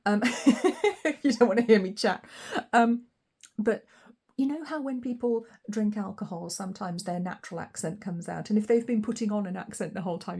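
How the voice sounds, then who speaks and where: Posh English woman, mellow voice, chatty rambling tarot reader. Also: medium pitch. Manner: chatty, rambling, warm asides with fillers and soft laughs. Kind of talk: casual spoken tarot reading.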